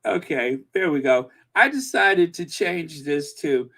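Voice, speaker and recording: A man's voice: a little high, expressive, slow, sharp tone. A man hosting a royal news channel, reading viewer comments in a rambling, self-amused casual chat.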